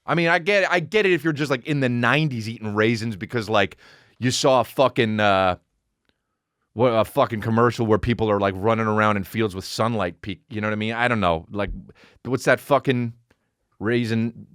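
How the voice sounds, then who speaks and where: A man in his forties hosts a solo comedy podcast, his medium-pitched voice clear and resonant, speaking briskly. The sound is clean studio audio with no echo, and he rambles and curses through animated, profane storytelling.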